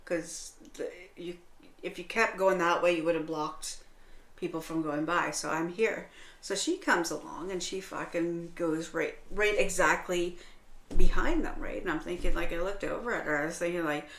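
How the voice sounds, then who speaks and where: A woman's voice: fairly low pitch, moderate pace. Profane ranting woman, echoey room. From Canada. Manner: heavily profane animated storytelling, full of "right?". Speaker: co-host. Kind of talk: casual chat.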